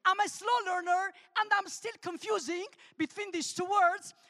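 Woman guest preacher, gravelly edge, playful with the congregation, reverberant church hall. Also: very high voice, moderate pace. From Armenia. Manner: humorous, animated, calls out to the congregation. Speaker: guest speaker. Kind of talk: sermon with testimony.

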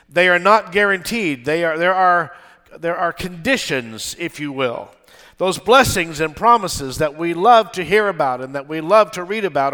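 An older pastor with a high, bright and forceful voice gives an emphatic sermon in a church featuring a balcony. Time and again he calls for his congregation's response.

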